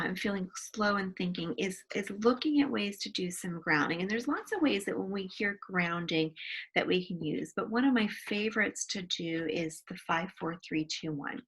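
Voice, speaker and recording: A woman counselor leading a guided wellness exercise from her home office, gently counting aloud and demonstrating sighs. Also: medium pitch, breathy edge.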